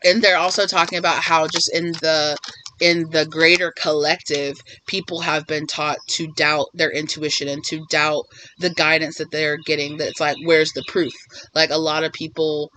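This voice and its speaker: A man giving a casual spiritual tarot reading, rambling and animated, often acting out what others might say. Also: on the high side, normal speed, a little hiss or hum, rough recording. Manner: rambling, animated, acts out quoted voices. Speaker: tarot reader.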